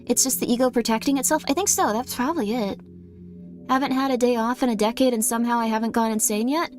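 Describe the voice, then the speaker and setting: Rambling higher-voiced woman streamer. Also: fast, darkish tone, soft background music. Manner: rambling, many "like" fillers. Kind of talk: casual chat with viewers.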